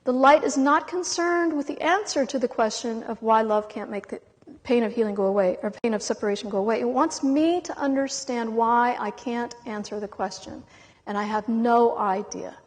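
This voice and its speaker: Woman, high voice, giving an impassioned spiritual talk; emotional and dramatic with long pauses; lecture-hall reverb. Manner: intense, dramatic, with long pauses between words. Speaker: spiritual speaker.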